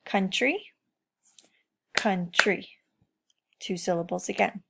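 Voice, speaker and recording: Slow-paced encouraging woman teacher. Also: medium pitch, fairly even intonation, heavy background noise. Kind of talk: remote classroom lesson for children.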